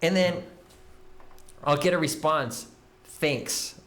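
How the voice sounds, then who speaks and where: A young man in casual chat, telling dating stories in a loose, profane ramble. His voice sits slightly higher than most men's, and he keeps breaking into quick impressions of the people he describes. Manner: rambling, profane, animated storytelling. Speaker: podcast co-host.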